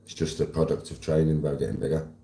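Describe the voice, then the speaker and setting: Speaking in a flat, quick, mellow bass, a young man from Birmingham, England chats casually with his livestream viewers, reading the chat and answering people by name in a laid-back, slangy way. The sound is roomy.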